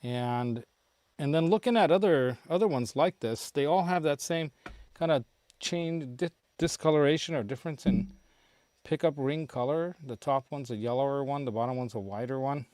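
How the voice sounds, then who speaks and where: A man's voice: mid-range voice, moderate pace, darkish tone. A middle-aged man hosting a casual livestream from his home studio, rambling with a lot of fillers and chuckles. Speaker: show host.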